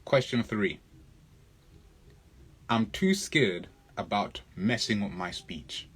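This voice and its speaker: A man leads a live public speaking lesson, working through viewer questions. His voice sits low and sounds husky, and he hits key words hard and repeats his points. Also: lively intonation, slow, pauses often, a bit bright. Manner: emphatic, answers viewer comments, repeats points.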